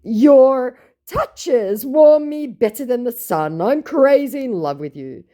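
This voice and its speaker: A woman's voice: sits high, lively intonation, mellow, pitched above the performer's own voice. A woman doing a whiny lovesick male scammer. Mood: whiny pleading. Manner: whiny, drawn-out, broken English.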